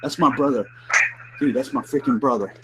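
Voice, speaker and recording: A man running a live paranormal investigation, talking excitedly and profanely and calling listeners dude and bro. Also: medium pitch, a little fast, heavy background noise. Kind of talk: live ghost-hunting session. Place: indoors, room where he investigates.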